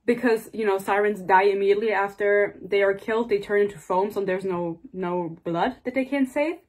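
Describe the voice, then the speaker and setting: A woman's voice: medium pitch, normal speed, a little mellow. A woman in her twenties giving a casual book rant, exasperated and sarcastic, swearing freely and rambling off on tangents. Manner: rambling and digressive. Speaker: book reviewer.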